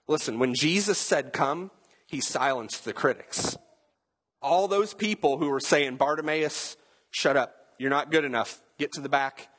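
A man's voice: a little high, unhurried, a bit bright. A man preaching a sermon in a conversational way, asking the listeners questions and acting out quotes. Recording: long hall reverb.

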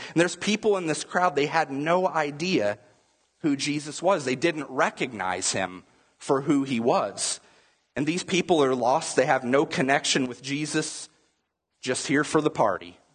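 A man's voice: medium pitch, a bit bright, slightly rough. A man preaching a sermon as a pastor, talking to the congregation in a loose, conversational way. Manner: conversational preaching with acted-out crowd voices.

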